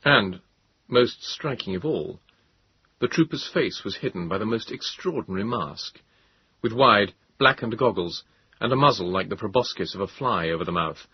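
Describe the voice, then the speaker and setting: A man narrating a story in a measured, grave way. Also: on the low side, lively intonation, breathy edge. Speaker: audiobook narrator. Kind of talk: scripted narration. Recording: slightly dull, dry recording.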